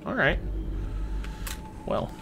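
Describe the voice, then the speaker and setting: A young man casually commenting on his gameplay, chatty and excitable, swearing freely as he plays. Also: very slow, slight background noise. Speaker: let's play host.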